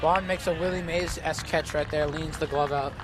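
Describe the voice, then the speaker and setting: A man calling a high school baseball game play by play, chatty and self-joking, his voice rising with the plays. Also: steady tone, fairly quick. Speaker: play-by-play announcer. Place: outdoors at a ballfield. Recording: outdoor noise with passing traffic.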